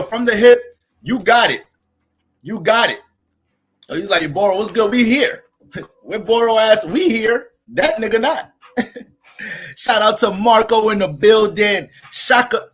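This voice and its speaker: A man hosting an astrology livestream from his family home, hyped and profane, shouting out viewers in casual chat. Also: sits high, poor audio.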